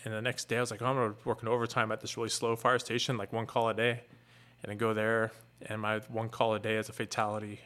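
A middle-aged man, a fire captain, earnestly retelling a painful personal story in a candid, halting way. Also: lowish voice, monotone, bright, forceful tone.

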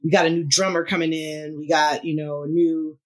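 A little fast and low-voiced, a woman musician in her fifties recounts a story as a guest in a casual interview, laughing a lot and acting out the lines of the people involved with real animation.

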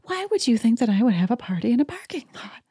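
A woman's voice: fairly high pitch, sing-song, quick pace, dark tone, husky, no echo, clean studio sound, voice pushed up. A woman mimicking an irritated wife who is scolding her husband in an exasperated, complaining way.

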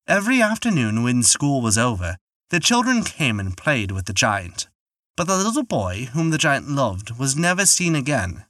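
A man narrates a folk tale in measured, expressive storytelling. His voice moves freely up and down and sounds bright. The recording is close and dry. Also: medium pitch, no echo. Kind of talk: scripted narration.

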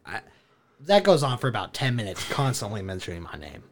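A young man telling a wild story casually, animated, laughing and swearing as he goes. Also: fairly low pitch, brisk.

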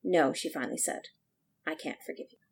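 A woman co-hosting a book podcast, reading a novel passage aloud in a soft, quiet voice. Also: low voice, a little fast, vocal fry, a little hiss or hum, rough recording. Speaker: podcast co-host.

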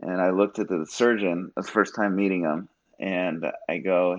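A man's voice: low-pitched, fairly even intonation, moderate pace. A man in his thirties, a guest earnestly telling a personal story in casual talk and acting out the dialogue. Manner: earnest, reenacts dialogue in voices. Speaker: guest, Marine Corps veteran. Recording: dull lo-fi recording.

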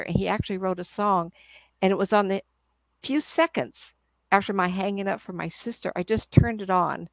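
A woman's voice: medium pitch, normal speed, vocal fry, no room sound. An older woman, a psychic medium guest, telling rambling stories in a casual interview. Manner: rambling, chatty storyteller.

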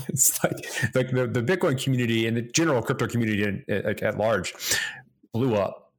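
A man's voice: medium pitch, moderate pace. A man co-hosting a casual podcast, explaining things at length with some rambling. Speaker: podcast co-host. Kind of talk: casual roundtable chat.

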